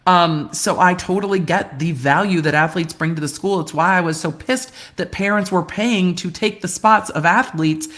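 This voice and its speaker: A middle-aged woman lawyer hosting a casual live Q&A, reading viewer comments aloud in a chatty way with quick asides and easy laughs, speaking from a rented room. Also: on the low side, fairly bright tone. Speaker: lawyer and livestream host. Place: rented room indoors, glass cabinets behind her.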